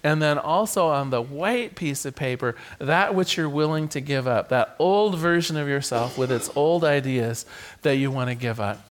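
A man preaching a sermon to his congregation as their minister, playful and animated, sometimes stumbling over a word and starting the phrase again. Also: a little high, moderate pace, slight background noise. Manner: animated, playful, with repeated stammered restarts.

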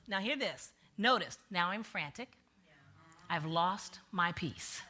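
A woman minister preaching a sermon, telling a story with animated delivery that swings from hushed asides to loud punchlines. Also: lowish voice, takes it slowly.

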